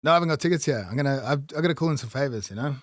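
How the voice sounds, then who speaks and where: An Australian man, a guest in a studio, cracking dry, deadpan jokes in casual chat. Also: medium pitch, very fast.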